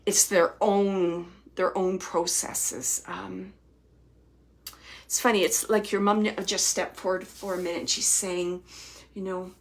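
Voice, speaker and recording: A woman hosting a psychic reading, relaying spirit messages in a soft, halting way with frequent restarts and repeated phrases, sometimes dropping to a near whisper. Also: fairly low pitch, little pitch movement. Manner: drops to near-whispers at times. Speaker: psychic medium host.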